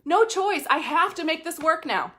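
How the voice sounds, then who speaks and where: A woman's voice: very high voice, animated, moderate pace, pushed and bright, reverberant. A woman coach giving an emphatic, blunt motivational talk straight to her viewers. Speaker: life coach.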